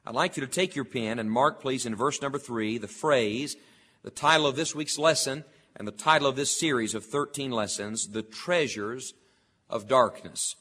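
A man preaching a sermon, reading scripture slowly and deliberately, then teaching in an earnest, emphatic way. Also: medium pitch, fairly bright tone, slightly rough.

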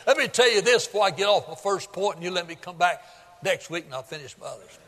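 A pastor with a notably high voice preaches a sermon. He tells homespun stories and climbs into shouting at the peaks. His voice rings out through the long reverb of a large sanctuary. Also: lively intonation, fast. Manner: folksy storytelling, builds to shouting at high points.

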